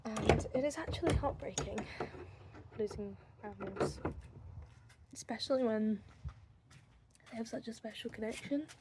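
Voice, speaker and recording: A young woman in her home, talking softly and heartfelt to camera in a rambling video diary. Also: a little high, normal speed, long pauses, background noise. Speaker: vlogger. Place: home room with pet enclosure.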